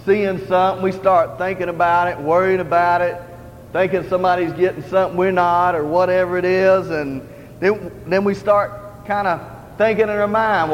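This man has a high voice and preaches in a church as a lay preacher, earnest and conversational, going back over his points again and again. Slight background noise sits in a dull, roomy hall recording with faint ambience.

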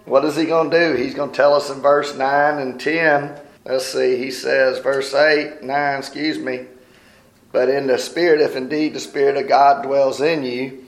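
A man's voice: medium pitch, fairly even intonation, unhurried, echoey room, soft background music, low-quality recording. A man preaching a sermon, talking to his listeners casually, asking questions and answering them himself, often adding "right?".

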